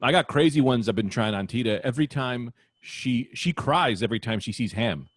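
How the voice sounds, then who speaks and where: A man's voice: medium pitch, dry recording. Jokey man telling stories, dry mic. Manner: jokey storyteller, quick asides. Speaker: podcast co-host. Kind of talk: casual comedy chat.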